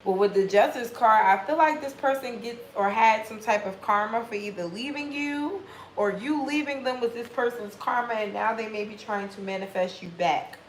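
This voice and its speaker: A woman's voice: a little high, moderate pace, reverberant, slight background noise, poor audio. Blunt, profane woman reading tarot. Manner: blunt, profane, animated commentary. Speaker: tarot reader.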